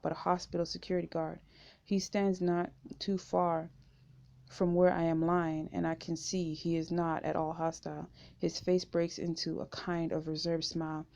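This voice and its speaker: A woman reading a memoir aloud in first person, steady and unhurried, on a dull lo-fi home recording. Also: fairly low pitch, vocal fry. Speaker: audiobook reader.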